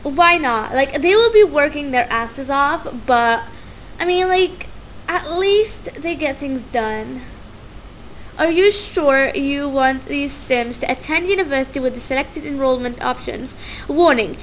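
A young let's play gamer gives casual commentary on her gameplay in a high, bubbly voice. She gushes about how excited she is and trips over her words, speaking unhurriedly over a faint hum.

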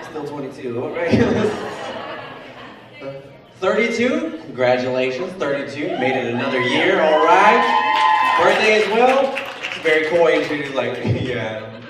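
A man does stand-up in a big, echoey club, his voice picked up from a distance by a mic across the room. He sits a little high for a man and talks brash and profane, teasing the audience. Crowd laughter rolls in around him. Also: big pitch swings, unhurried. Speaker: stand-up comedian. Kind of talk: live stand-up with crowd work. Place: large comedy club stage.

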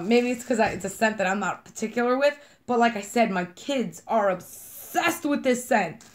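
A woman with a New York accent talks her way through an unboxing, bubbly and a little kooky. Her voice sits on the higher side, and she rambles from one thought to the next with easy, gushing enthusiasm. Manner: gushing over scents and colors. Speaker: vlogger unboxing wax melts. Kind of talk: casual chatty unboxing.

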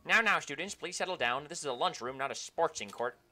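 A man's voice: on the high side, animated, fairly quick, pushed and bright. A man doing a prim, fussy teacher. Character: fussy male teacher keeping order.

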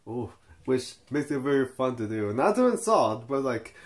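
A man's voice: mid-range voice, very animated, normal speed. A young man giving a casual, unscripted review and stumbling over his words with many fillers and restarts. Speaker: video reviewer.

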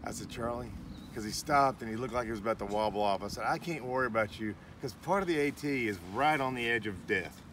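Middle-aged man, animated storyteller who voices the people in his story, mic set back, outdoor noise. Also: medium pitch, fast talker. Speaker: vlogger's father. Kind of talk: casual storytelling. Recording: distant outdoor mic with clear background noise.

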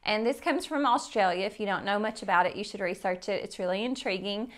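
A woman's voice: medium pitch, a little fast. Casual woman teaching an art lesson. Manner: casual, friendly, many fillers like "um" and "like". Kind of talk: step-by-step art tutorial. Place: art studio.

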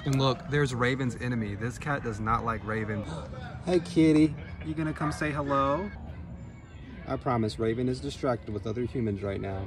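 A man's voice: medium pitch, normal speed. A man hosting a casual walking vlog outdoors in a neighborhood, talking affectionately to cats. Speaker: vlog host.

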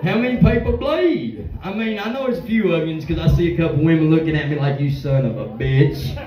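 A man tears through a raunchy stand-up set in a bar, prodding the audience as he goes. His voice sits high. It reaches the mic from a distance and rings around a reverberant room. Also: animated, fast talker, lo-fi sound, soft background music. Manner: crude, rowdy, addresses the crowd. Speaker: stand-up comedian. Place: bar stage with a live audience.

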